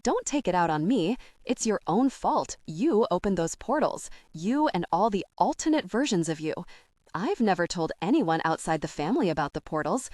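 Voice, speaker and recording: A woman's voice: lowish voice, big pitch swings, moderate pace, a little mellow, no room sound, clean studio sound. A woman voicing a teenage boy who sounds wry, weary and a little defensive.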